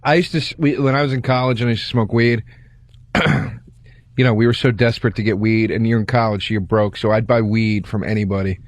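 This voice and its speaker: Laid-back comedian telling stories, dry studio. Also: male voice, on the low side, fairly even intonation, fast, no echo. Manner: laid-back storyteller, laughs through lines. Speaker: podcast co-host, comedian. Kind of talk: casual comedic storytelling.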